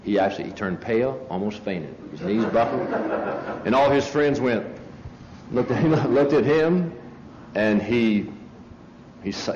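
A man with a fairly low voice gives a conversational sermon to a live audience, building his points with emphatic asides and storytelling. The recording is a dull, lo-fi tape with a faint hiss underneath. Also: a little mellow, roomy sound. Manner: emphatic, storytelling, frequent restarts and asides to listeners. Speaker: preacher lecturing on a religious movement. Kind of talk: conversational sermon-style lecture with anecdotes.

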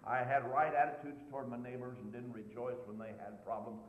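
A man's voice: medium pitch, level tone, brisk, narrow, tinny audio, a little hiss or hum. A man preaching a sermon, repeating points for emphasis and putting questions to his listeners. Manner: rhetorical questions to the congregation, emphatic repetition. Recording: echoey hall with long reverb.

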